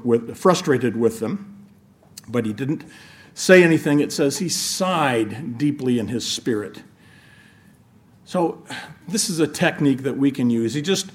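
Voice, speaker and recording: A middle-aged man preaching a sermon in a conversational way, often restarting his sentences and adding asides. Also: mid-range voice.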